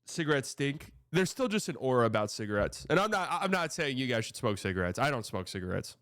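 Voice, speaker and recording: A man's voice: medium pitch, very animated, quick pace, a bit bright, no echo, studio quality. Casual, profane male sports reaction host. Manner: loose, profane, rambling.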